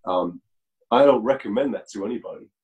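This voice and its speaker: A man being interviewed as a musician over a video call, explaining his views in a reflective, measured way. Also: medium pitch, darkish tone, highs cut off. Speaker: musician guest.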